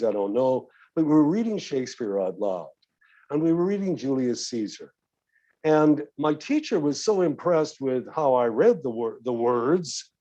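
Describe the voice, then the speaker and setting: An older man, an audiobook narrator and actor, giving a reflective convention talk in an expressive way, often saying "of course" and stretching words for emphasis. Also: medium pitch. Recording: dull lo-fi audio.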